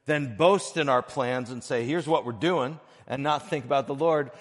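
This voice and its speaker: A man preaching a sermon as pastor of a church, earnest and measured, breaking his phrases with pauses and swinging between soft and loud. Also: medium pitch, big-room sound. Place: church sanctuary.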